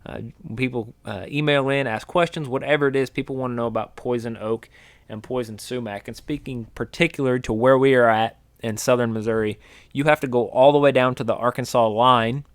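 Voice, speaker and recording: A middle-aged man talks through an outdoors topic on a podcast. His pitch sits in a middle range, and he explains at length with plenty of restarts and fillers. The recording is dry and close. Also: no echo. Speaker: podcast co-host, wildlife biologist. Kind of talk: casual podcast chat.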